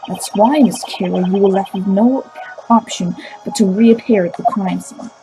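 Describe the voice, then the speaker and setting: A woman's voice: mid-range voice, moderate pace, music in the background, natural voice, low-quality recording. A woman voicing an earnest young male defense lawyer, reading his accusation and correcting slips. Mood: accusing. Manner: reading aloud, self-correcting.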